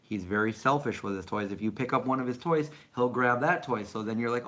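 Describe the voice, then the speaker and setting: A man's voice: mid-range voice, fast, hardly any pauses, fairly bright tone. Chatty man answering live chat. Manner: rambling, chatty, answers viewer questions. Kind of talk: casual live-stream chat.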